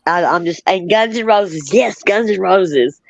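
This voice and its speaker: A woman's voice: mid-range voice, animated, unhurried, creaky, no room sound. A middle-aged woman hosting a casual chat, reminiscing in a rambling way, laughing often, and reading out viewer comments. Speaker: host. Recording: dull, lo-fi.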